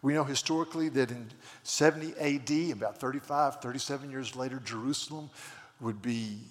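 A man preaching a sermon, retelling scripture stories with many stammered restarts and quoted voices. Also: medium pitch. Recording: long hall reverb.

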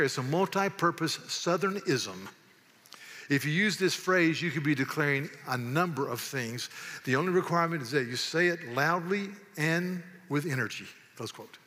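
A Southern man, a pastor, preaches a sermon in a church sanctuary, his medium-pitched voice brisk and sharp. He's emphatic and folksy, repeating words to drive a point home. The church hall gives the recording a long reverb.

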